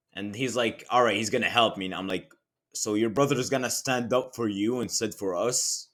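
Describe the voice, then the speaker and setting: A young man narrates a storytime vlog in an animated, mocking tone full of slang. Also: fairly low pitch. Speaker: channel host.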